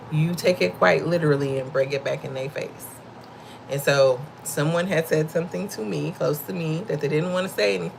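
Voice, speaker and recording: A middle-aged woman with a deep, gravelly voice speaks to her livestream viewers about faith and kindness. She talks in a loose, conversational, slightly preachy way, laughing easily and addressing them as y'all. A faint hiss sits under the recording. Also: poor audio. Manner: laughs often while talking. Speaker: livestream host giving faith-based encouragement. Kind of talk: casual faith talk to viewers.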